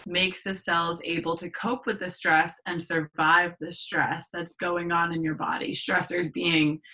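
A woman talks as a podcast guest, laying out explanations with many fillers and self-corrections. Her voice is a little low but bright and forward. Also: level tone, measured pace, low-quality recording. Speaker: podcast guest, herbal medicine practitioner. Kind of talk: casual explanatory chat.

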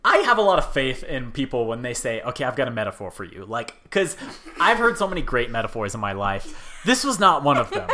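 A man with a bright, clear voice, chatting casually with friends. He explains things with an amused, skeptical edge and often laughs as he talks. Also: mid-range voice, very animated, moderate pace. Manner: skeptical, amused, laughs while telling stories.

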